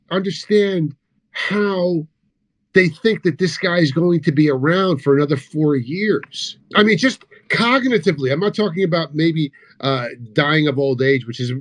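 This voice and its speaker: A man giving profane, mocking commentary over news clips, sarcastic and crude, swinging between loud outbursts and low mutters.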